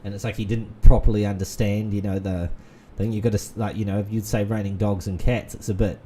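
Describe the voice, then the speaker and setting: A man's voice: on the low side, little pitch movement, brisk, mellow, a little hiss or hum. A man, rambling in casual gaming commentary full of fillers and restarts. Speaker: gaming channel host. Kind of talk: casual let's-play commentary.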